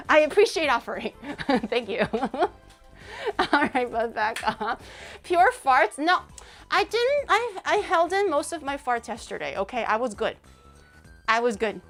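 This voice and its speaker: High-voiced, giggly young woman streamer. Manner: animated, giggly, jokey asides to chat. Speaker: livestreamer. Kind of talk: casual stream chat.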